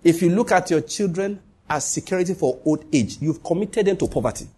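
Husky high-voiced pastor preaching. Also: male voice, lively intonation, fairly quick, warm tone. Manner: emphatic, repeats key lines, joking asides. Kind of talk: sermon.

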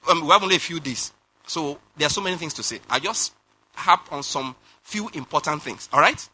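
High, bright-voiced preacher. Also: male voice, a little fast, husky. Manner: animated preaching with laughter and rhetorical questions. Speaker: pastor. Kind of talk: sermon.

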